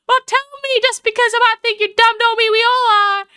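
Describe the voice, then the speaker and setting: Woman streamer doing a brash country photographer, thick Southern drawl, scolding, bright and high. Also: steady tone, normal speed, no echo. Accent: exaggerated American Southern drawl. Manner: snappy, loud and scolding. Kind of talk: voicing game dialogue on a livestream.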